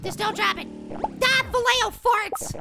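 A man voicing a tiny, excitable male cartoon apple who plays a mobile game, with frustrated outbursts and silly alliterative exclamations. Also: very high voice, a little slow, vocal fry, full character voice. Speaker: let's play gamer. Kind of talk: cartoon character game commentary. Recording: loud music under the voice.

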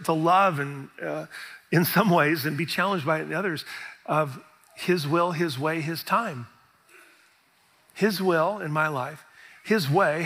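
Middle-aged male pastor, high and bright, animated sermon storyteller, reverberant church hall. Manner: animated storytelling, acts out quoted reactions.

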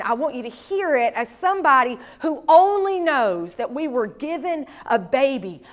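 Woman pastor, fairly high voice, folksy conversational storyteller preaching a sermon. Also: fairly bright tone.

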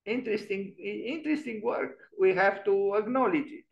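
A man's voice: sits high, moderate pace, vocal fry, lo-fi sound. A man giving an online lecture on architecture, musing and emphatic, often restarting his sentences. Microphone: video call.

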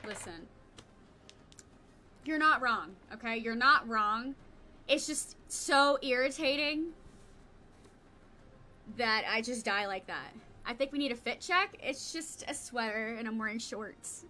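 Excitable young woman streamer, high and lively. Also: slow, pauses often, a little hiss or hum. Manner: excitable, swears, yells in frustration. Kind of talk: casual live-stream chat while gaming.

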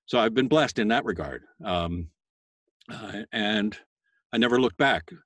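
A voice actor talking casually to a school class, chatty and self-deprecating, with many fillers and bursts of a loud sales voice. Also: male voice, fairly low pitch, animated, measured pace, dry recording. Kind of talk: casual interview talk.

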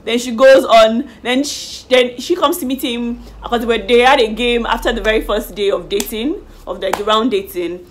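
A woman chatting casually in a lively, animated way as she reviews a reality show. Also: fairly high pitch, normal speed, hardly any pauses, a little hiss or hum. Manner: lively, animated retelling with slang. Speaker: YouTube reviewer.

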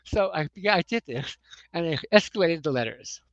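A woman's voice: on the low side, expressive, normal speed, dry recording, muffled recording. Chatty American woman telling stories. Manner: rambling anecdotes, lots of "you know" and chuckles. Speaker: comics writer, guest. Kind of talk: casual storytelling interview.

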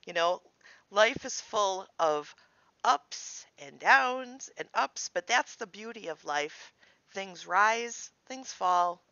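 Woman vlogger, casual and cheerful, lively pitch, dry dull home sound. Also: creaky, no room sound. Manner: cheerful, sing-song greetings. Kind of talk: casual vlog chat.

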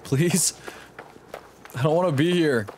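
Excitable swearing male game streamer. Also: slow pace, slight background noise. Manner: excitable, swearing, jumps into high-pitched yelps. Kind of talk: live gameplay commentary. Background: game music.

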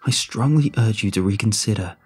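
A grave, blunt crewman from a horror story reading, as a man puts him on. His low, husky voice stays dark and urgent. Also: fairly quick, faint music behind. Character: grave, serious male station crewman.

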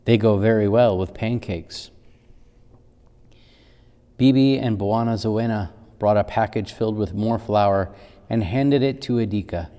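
A male pastor reads a children's story in a gentle, unhurried manner. His voice is low and mellow, and a long reverb from the church hall trails behind it.

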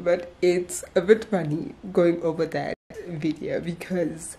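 A woman's voice: lowish voice, fairly even intonation, measured pace, dark tone. A young woman vlogger talking casually and earnestly about faith, chatty and a little giggly. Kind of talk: casual devotional vlog talk.

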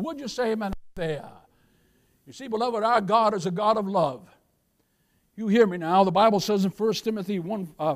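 A man preaching a sermon as pastor, swelling his voice for emphasis and calling out to the congregation. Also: high voice.

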